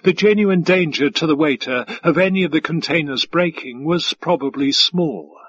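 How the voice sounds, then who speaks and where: Brief: male narrator, husky and slightly high, steady audiobook read. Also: no echo, dull audio. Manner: measured, even storytelling. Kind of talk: scripted narration.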